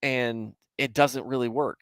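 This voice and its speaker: A man's voice: medium pitch, steady tone, unhurried, a bit bright, dry recording. A man hosting a casual livestream, chatting with viewers in a rambling, self-mocking way with mock indignation. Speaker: livestream host.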